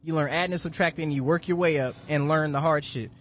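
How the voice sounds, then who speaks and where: Casting: male podcast host, fairly high voice, casual, emphatic and profane. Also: steady tone, quick pace, a bit bright, slight background noise.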